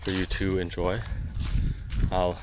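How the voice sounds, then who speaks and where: A man from the US talks in a deep, low voice, rambling and joking at his own expense as he walks outdoors. He films on a handheld phone, and clear outdoor noise runs under his voice. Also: monotone, slow pace. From United States. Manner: rambling, self-deprecating, many fillers. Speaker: travel vlogger. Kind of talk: casual walking vlog. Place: outdoors on a rural back road. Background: footsteps on gravel and leaves, outdoor sounds.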